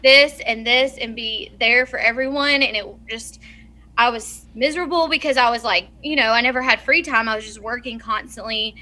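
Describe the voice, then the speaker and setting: A woman in her thirties with a Southern accent, chatting as a blogger guest on a podcast, animated and quick to laugh. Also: fairly high pitch. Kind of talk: casual podcast chat.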